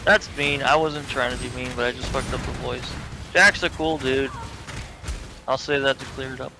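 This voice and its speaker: A man's voice: medium pitch, steady tone, normal speed, noisy background. A man streaming a game, rambling and joking in casual chat, swearing freely. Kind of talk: casual chat while gaming. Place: home setup, live stream.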